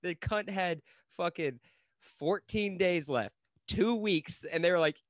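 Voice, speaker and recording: A man's voice: high-pitched, takes it slowly, no room sound, clean studio sound. Brash, profane young man. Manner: brash, swears a lot, laughs often. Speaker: podcast co-host. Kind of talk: casual profane chat.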